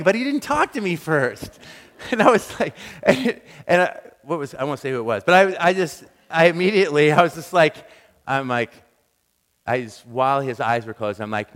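A man preaching a sermon, telling animated, self-deprecating stories and acting out quick quotes. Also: fairly high pitch. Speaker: pastor. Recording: long reverb of a large hall.

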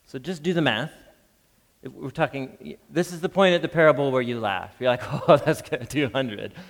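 Man, pastor, sermon, lively delivery, long reverb, church sanctuary. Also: medium pitch, moderate pace, gravelly. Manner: lively, reads scripture with acted voices, laughs often.

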